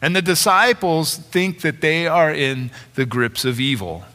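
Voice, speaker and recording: A middle-aged male pastor preaching a sermon, retelling a story and growing animated in the dramatic parts. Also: fairly high pitch, a little slow. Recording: long hall reverb.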